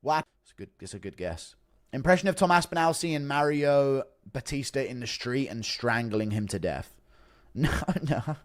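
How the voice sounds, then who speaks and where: A man's voice: medium pitch, lively intonation, normal speed, no room sound, clean studio sound. A man streaming casually, reading out donations and joking in a wry, offhand way. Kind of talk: casual live-stream commentary.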